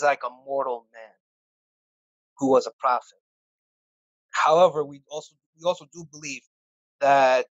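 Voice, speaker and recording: A man answering interview questions in a casual, halting way, often restarting his sentences. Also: mid-range voice, fairly bright tone, dry recording, poor audio. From United States. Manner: halting, many restarts and fillers. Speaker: interview guest.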